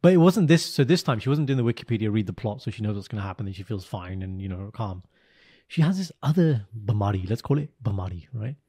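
A British man co-hosting a podcast, chatting and teasing his co-host as he tells stories. His voice is mellow and a little husky. The sound is dry and close, with little room echo. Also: fairly low pitch, quick pace. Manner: animated storyteller, teasing. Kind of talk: casual chat.

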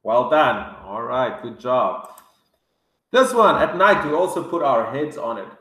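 A man teaching English words to young children, drilling each word slowly with excited gasps. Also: medium pitch, roomy sound. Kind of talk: vocabulary lesson for kids.

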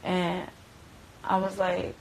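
A young woman recounting what happened in a loose, profane, rambling way, full of filler words, swinging between loud, animated bursts and hushed stretches. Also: lowish voice, slow pace, a little hiss or hum, low-quality recording. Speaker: interviewee recounting events. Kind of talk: casual storytelling.

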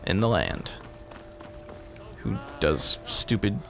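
A man with a fairly low, slightly bright voice and vocal fry speaks slowly yet animatedly. He hosts a gaming video, offering casual, rambling let's-play commentary in which he mocks himself and swears a lot. Game sounds and music play in the background.

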